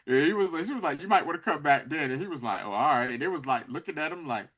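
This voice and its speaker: Animated man recapping a show. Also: on the high side, fast, hardly any pauses. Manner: animated storytelling, acts out characters' lines. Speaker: podcast co-host. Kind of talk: casual recap chat.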